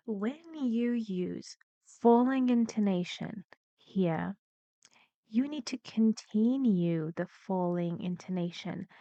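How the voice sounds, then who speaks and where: A woman teaching English pronunciation, talking slowly and deliberately and drawing out words to model rising and falling pitch. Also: dark tone, no room sound. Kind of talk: pronunciation lesson. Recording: slightly dull lo-fi dry sound.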